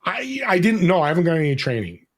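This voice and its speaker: A man, a podcast guest, talking in an energetic, animated way and acting out bits of dialogue. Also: on the high side, fast. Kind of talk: casual conversation.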